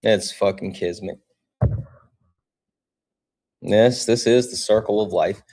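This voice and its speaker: A man's voice: on the low side, takes it slowly. A young man hosting a livestream, chatting casually with his viewers, reading out donations and swearing freely. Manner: animated, swears casually, talks straight to chat. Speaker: livestream host.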